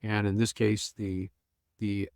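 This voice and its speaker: An older man, a pastor and Bible scholar, retelling a story with lively acted-out lines and chuckles in a podcast conversation. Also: fairly low pitch, slow pace, vocal fry, clear, resonant tone, no room sound, clean studio sound. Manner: retells scenes acting out quoted lines, chuckling.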